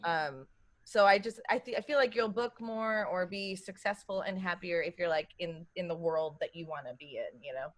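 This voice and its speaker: A woman's voice: fairly low pitch, moderate pace. A young adult woman co-hosting a casual whisky-tasting chat, chatty and sassy. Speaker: podcast co-host.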